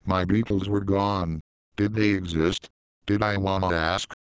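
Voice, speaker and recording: A man reading a first-person story aloud in a deadpan, profane manner on a close mic. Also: low-pitched, a little slow, clear, resonant tone, no room sound, low-quality recording.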